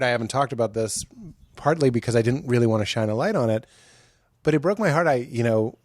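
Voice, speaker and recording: A man's voice: mid-range voice, a little mellow, no echo, studio quality. A man, a comedian guest on a podcast, talking in a thoughtful, earnest way. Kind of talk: casual chat.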